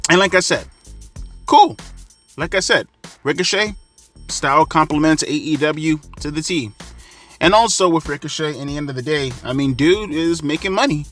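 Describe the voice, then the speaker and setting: A man's voice: on the high side, a bit bright. A man hosting a casual opinion vlog as a wrestling commentator, sarcastic and ranting, swearing freely.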